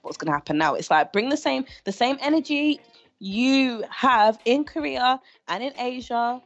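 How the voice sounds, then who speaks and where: A woman's voice: on the high side, moderate pace, dull audio. A woman from Britain, talking emphatically in casual podcast chat. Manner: animated, emphatic, laughs often.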